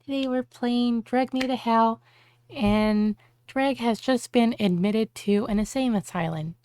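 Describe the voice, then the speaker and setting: A woman's voice: a little high, darkish tone, dry recording. A woman streamer chatting casually on a live stream, bubbly, with cutesy baby-talk words.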